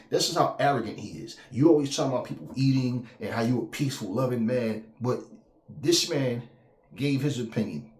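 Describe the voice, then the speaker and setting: Hosting a boxing talk channel, a man rants heatedly and casually, full of profanity and emphasis, repeating himself and slipping into mocking quoted voices. His voice is mid-range and darkish in tone, with noticeable reverb.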